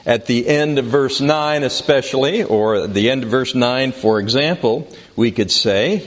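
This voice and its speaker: A man teaching a Bible study in a classroom, speaking deliberately and reading scripture passages aloud with emphasis. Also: medium pitch. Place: classroom with a board.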